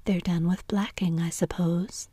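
A woman voicing a polite, curious young girl in a soft, wondering whispered role-play. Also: fairly low pitch, steady tone, measured pace, breathy edge, no room sound.

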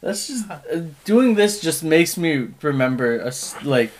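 A man in casual chat, chiming in with quick teasing remarks. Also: a little high, sing-song.

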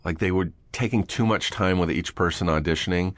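A man's voice: low voice, fairly quick, no room sound. A man hosting a podcast in a small studio room, chatting casually and telling stories, swearing freely and acting out the voices of people he quotes. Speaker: podcast host. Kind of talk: casual chat.

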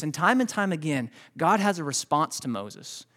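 A man's voice: on the high side, animated, measured pace, few pauses, sharp tone. A man pastor preaching a Sunday morning sermon in a conversational, storytelling way, often restarting his words and speaking directly to the congregation.

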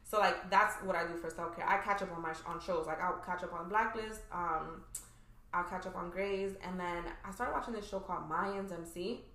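A young woman talks openly on a podcast, her fillers tumbling through every sentence. Her voice is bright and sits a touch low, and the room gives it a noticeable echo. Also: normal speed. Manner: chatty, frequent fillers like "like" and "you know". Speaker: podcast guest. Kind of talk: casual chat.

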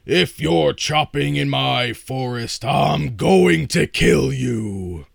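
A big, burly forest troll from a storybook booms his threats loud and slow, as a male narrator puts him on. The voice sits a little higher and harsher than a plain reading voice, every word stretched out. It is dry and close, with no room around it. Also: animated, vocal fry, dry recording, exaggerated voice. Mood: menacing. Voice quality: loud, booming and drawn-out.

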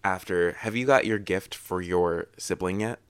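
Easygoing young man, low voice. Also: moderate pace, fairly bright tone, clean tone, no echo. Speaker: podcast co-host. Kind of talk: casual chat.

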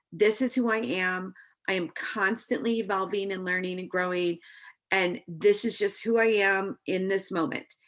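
A woman's voice: medium pitch, a bit bright. A woman in her forties, a mother with teenage kids, talking through an earnest, rambling personal reflection, full of fillers and restarts.

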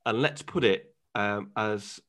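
A man's voice: on the low side, takes it slowly, a bit bright. Jokey male podcast host. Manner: jokey, laughs often, riffs on silly scenarios. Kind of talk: comedic podcast banter.

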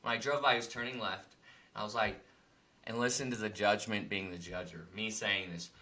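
A man co-hosts a casual talk about spiritual ideas, telling his stories in a loose, rambling way full of fillers. His voice is bright and sits on the low side. When he quotes people he turns loud and animated. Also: moderate pace. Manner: animated storytelling, acts out angry quotes loudly. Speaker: podcast co-host.

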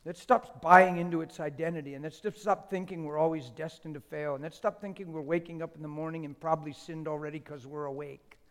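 A man preaching a live sermon in a church hall, emphatic and joking with the congregation, swinging from hushed asides to loud declarations. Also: fairly high pitch, fairly even intonation, fairly quick, few pauses. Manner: jokes with the congregation.

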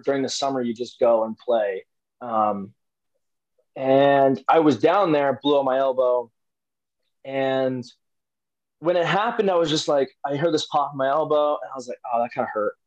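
A man's voice: medium pitch, measured pace, darkish tone, poor audio. A young man, an interview guest, telling a personal story casually with lots of fillers and restarts. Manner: rambling, many fillers and restarts.

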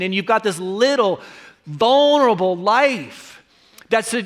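A man's voice: high voice, bright, forceful tone. A man, a pastor, preaching a sermon in an earnest, conversational way and repeating key lines.

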